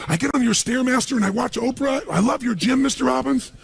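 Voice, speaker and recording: A man with a gravelly voice putting on a gushing, grateful female maid, full of effusive, breathless praise. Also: high voice, quick pace, a little hiss or hum, voice pushed up.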